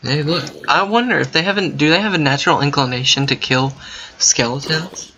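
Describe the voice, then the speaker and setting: A man commenting while playing a game, thinking out loud and breaking into excited yelps and gasps. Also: fairly high pitch, fairly quick, slight background noise. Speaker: gaming video creator. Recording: muffled lo-fi mic with faint keyboard typing.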